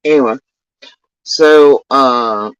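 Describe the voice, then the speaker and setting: A man's voice: mid-range voice, fairly bright tone, clean tone, no echo. A middle-aged man livestreaming casual, meandering chat, often swearing. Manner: profane, meandering, drawn-out. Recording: dull lo-fi dry sound.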